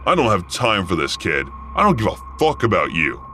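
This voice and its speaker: A man voicing a panicky, foul-mouthed rough man in trouble, snapping out curt lines. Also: low-pitched, huge pitch swings, a little fast, sharp tone, a little hiss or hum, heavily acted. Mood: angry.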